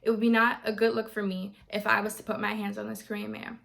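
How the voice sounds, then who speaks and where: A young adult woman vlogger telling a story in a casual, animated way and acting out what others said. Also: medium pitch, fast talker, gravelly. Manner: animated, quotes others in voices.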